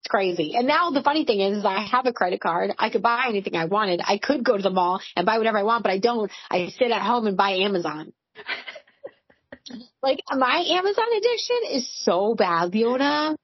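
A woman's voice: medium pitch, expressive, brisk, breathy edge, no echo, highs cut off. A woman in her forties, a podcast co-host, telling candid stories in casual chat, full of "like" and swearing. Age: 40s. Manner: candid, swearing, storytelling with lots of "like".

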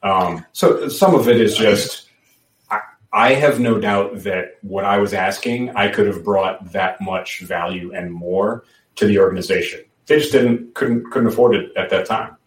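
A man's voice: on the low side, measured pace. A man talking casually as a podcast guest, rambling with lots of restarts and fillers. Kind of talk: casual chat. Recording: roomy, distant from the mic.

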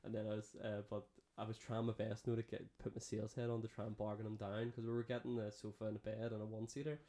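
Sweary Northern Irish podcast host. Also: male voice, on the low side, fast talker. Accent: Northern Irish, Downpatrick and Belfast mix. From Northern Ireland. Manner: sweary, animated storyteller. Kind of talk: casual podcast chat.

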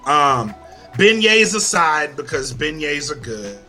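A man hosting a casual podcast, ranting loudly with heavy swearing. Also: fairly high pitch, sing-song, slow pace, faint music behind. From Louisiana. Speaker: podcast host. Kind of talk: casual chat.

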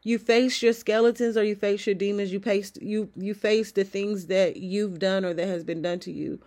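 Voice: medium pitch, fairly even intonation, normal speed, a little mellow. A motivational host speaks in a casual, encouraging way, often asking the listener questions. A cold leaves the voice a little sniffly. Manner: conversational and encouraging, with rhetorical questions. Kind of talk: motivational self-help talk.

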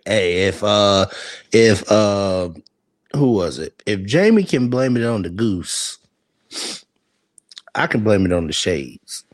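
A man's voice: lowish voice, takes it slowly, long pauses, no echo. Laughing man telling a wild story. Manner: laughing, animated, acts out quotes. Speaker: podcast co-host. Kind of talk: casual storytelling.

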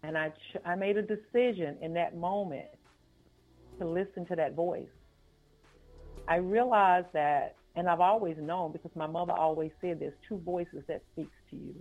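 A woman, an author and life coach, telling a personal story in a podcast interview, slow and earnest, repeating phrases for weight. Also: fairly low pitch. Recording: phone-like line with faint music.

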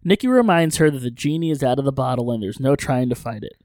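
A man co-hosting a podcast, recapping an episode in casual chat with lively narration and joking asides. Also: mid-range voice, fast, dry recording, studio quality. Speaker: podcast co-host.

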